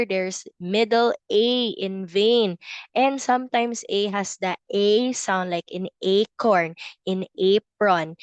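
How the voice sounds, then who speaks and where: A woman leads a preschool phonics class at a slow, unhurried pace. Her voice is smooth and clear, and she draws words out and repeats them patiently. The sound is close and dry. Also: medium pitch, no room sound. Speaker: preschool teacher. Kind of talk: phonics lesson for young children.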